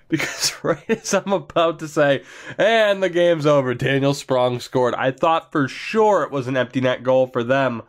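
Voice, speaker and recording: Excitable man commentating a hockey game. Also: fairly high pitch, normal speed. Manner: chatty and excitable, laughs often. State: getting over being sick. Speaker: gaming commentator. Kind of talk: video game let's-play commentary.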